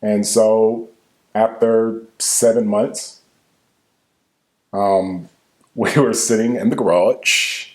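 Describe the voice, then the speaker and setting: Young man, co-host, casual storyteller, halting, emotional delivery. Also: on the low side, fairly even intonation, echoey room. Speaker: co-host telling a couple's story.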